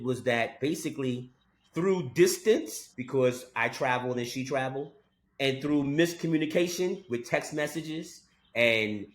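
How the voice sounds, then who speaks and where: A man's voice: medium pitch, a bit bright. A man co-hosting a podcast in casual chat, telling a story with emphatic "okay?" asides. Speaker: podcast co-host.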